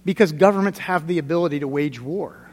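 Brisk and fairly high in pitch, a pastor talks through his sermon as if chatting with his congregation in a reverberant church sanctuary. He drives short phrases home through repetition, and when the subject turns heavy he goes quiet and low, his words lingering in the long hall echo.

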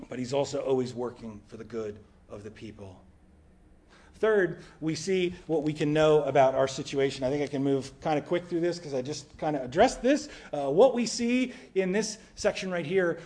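A man preaching a sermon in a conversational way, sometimes dropping to a quiet, low voice for emphasis. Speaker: pastor.

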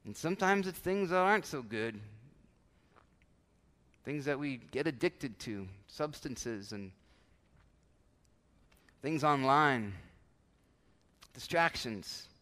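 A male pastor preaching a sermon with animated delivery, now and then acting out everyday voices to make his point. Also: medium pitch, slow, pauses often. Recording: long church hall reverb.

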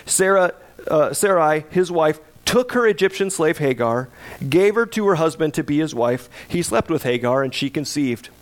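A middle-aged man delivers a sermon in a loose, conversational way. His voice sits somewhat high for a man. When he gives voice to imagined complaints, his voice rises into a pleading cry. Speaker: pastor.

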